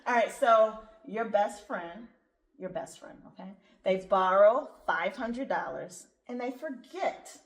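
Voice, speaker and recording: A woman's voice: mid-range voice, animated, slow pace, reverberant. A woman hosting a podcast in casual chat, talking in a chatty way with frequent laughs. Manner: chatty, laughs often, says "you know" a lot. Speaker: podcast host.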